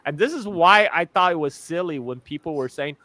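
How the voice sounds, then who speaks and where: A man's voice: fairly high pitch, expressive, brisk, pushed and bright. A man talks as a guest on a live stream, blunt and sarcastic, often laughing. He keeps repeating and restarting his words. The sound is dry and close, with no room echo. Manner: frequent word repetitions and restarts. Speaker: guest commentator.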